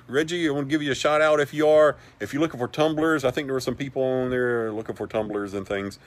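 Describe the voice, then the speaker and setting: A man's voice: mid-range voice, normal speed, few pauses. A man hosting a livestream, rambling through a story in a folksy way and reading out viewer comments. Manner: rambling and folksy, with many asides. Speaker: livestream host for a paranormal society.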